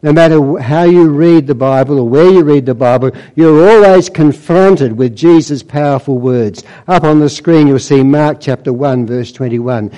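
Mellow-voiced man preaching a sermon. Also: fairly high pitch, moderate pace, hardly any pauses, low-quality recording. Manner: storytelling, quoting scripture with dramatic emphasis.

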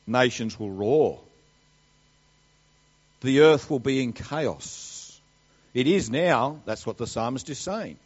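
A man preaching a sermon, swinging between loud emphatic declarations and quiet asides. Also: medium pitch, animated, slow, long pauses, dull audio.

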